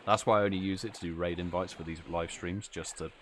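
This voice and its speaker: A man's voice: deep voice, fairly even intonation, fast, fairly bright tone, slight background noise. A tired British man hosting a casual live stream, chatting with viewers and reading out their messages. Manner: chatty, reads out chat messages, yawns and laughs. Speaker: livestream host.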